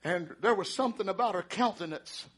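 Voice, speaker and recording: A male preacher delivering a sermon through dramatic storytelling, with repeated refrains and calls to the congregation that build to shouts. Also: high voice, fairly quick, husky.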